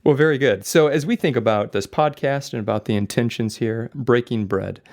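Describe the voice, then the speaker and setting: Gravelly-voiced man hosting a faith podcast. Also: mid-range voice, brisk, darkish tone. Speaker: podcast host. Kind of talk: casual faith discussion.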